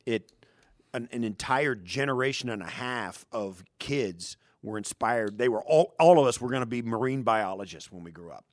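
A middle-aged man co-hosting a sports radio show, telling rambling, animated stories in casual chat. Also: medium pitch, normal speed, no echo, clean studio sound.

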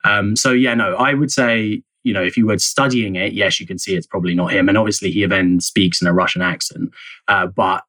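A man with a low-leaning, pushed and bright voice speaks a little fast with fairly even intonation, with no echo but a rough recording. As a guest journalist being interviewed, he explains at length conversationally, hedging and restarting often with frequent fillers.

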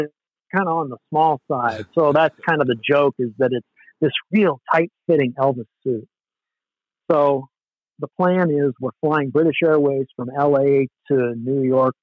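Lively man telling a road story. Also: fairly high pitch, no echo. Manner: animated, loose and profane. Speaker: musician guest. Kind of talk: casual storytelling. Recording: dull, lo-fi sound.

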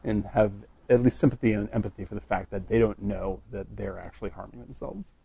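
Gravelly husky man in casual chat. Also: lowish voice, a little fast, mellow.

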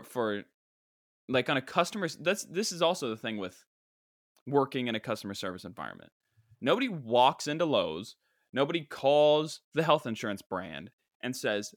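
A man's voice: medium pitch, very animated, normal speed, dry recording, studio quality. A young man hosting a podcast, ranting in a wry, self-mocking way about work and customer service. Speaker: podcast host. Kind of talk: casual monologue.

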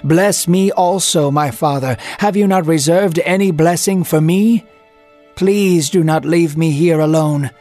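A man's voice: medium pitch, expressive, unhurried, darkish tone, breathy edge, faint music behind. A man voicing a grieving elder brother who pleads and threatens in a raised voice. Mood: pleading.

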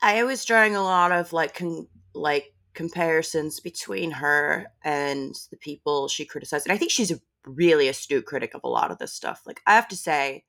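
A woman's voice: low-pitched, normal speed, few pauses, a bit bright. A woman who is a podcast guest, talking casually with sardonic asides and frequent laughs.

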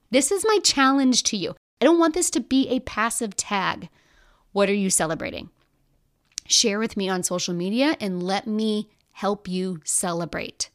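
An energetic woman hosts her own coaching podcast, speaking in an emphatic, encouraging voice. She addresses the listener directly, pushing them to act. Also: mid-range voice. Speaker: podcast host and business coach. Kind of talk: motivational podcast monologue.

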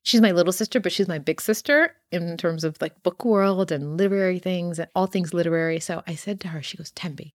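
A woman's voice: on the low side, brisk, few pauses, no echo, studio quality. A woman author talking animatedly in an interview, full of "you know" and "like", acting out quotes as she tells stories. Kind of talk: casual interview chat.

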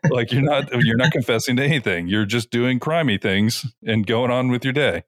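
A man's voice: medium pitch, moderate pace, no room sound, studio quality. A man co-hosting a podcast, casually retelling an episode with lots of "like" and filler. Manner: animated retelling with frequent "like". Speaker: podcast co-host. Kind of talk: casual chat.

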